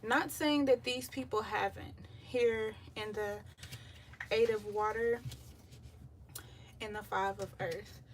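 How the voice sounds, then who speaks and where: A woman giving a live tarot reading in a relaxed, chatty way with lots of filler ums, out of breath as she talks. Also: medium pitch, takes it slowly, pauses often. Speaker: tarot reader. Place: home by the beach, windows open. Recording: voice a bit far from the mic, faint surf noise. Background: faint beach waves.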